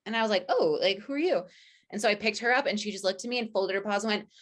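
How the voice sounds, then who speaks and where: A woman's voice: medium pitch, fast talker. A woman guest on a casual podcast, a chatty storyteller who fills her talk with "like" and acts out quoted lines.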